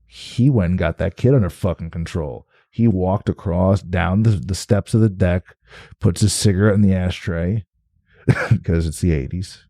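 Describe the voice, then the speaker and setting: A man's voice: deep voice, moderate pace, mellow, no room sound, clean studio sound. A man from New Jersey telling a rambling story as a guest in casual chat, swearing freely. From New Jersey, USA.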